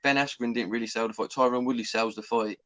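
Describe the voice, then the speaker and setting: A man's voice: mid-range voice, quick pace, slight background noise. A young British man co-hosting a casual chat, heated and argumentative. He keeps acting out other people's words as he argues. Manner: animated, argumentative, acts out quotes. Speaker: co-host.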